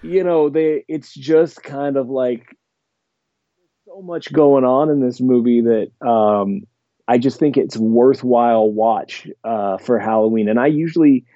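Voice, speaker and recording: A man hosts a laid-back podcast, talking horror films with rambling enthusiasm and plenty of fillers. His voice is dark and mellow. The recording is dry and dull, a little lo-fi. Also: mid-range voice, unhurried, dry recording. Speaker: podcast host. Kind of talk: casual chat about horror films.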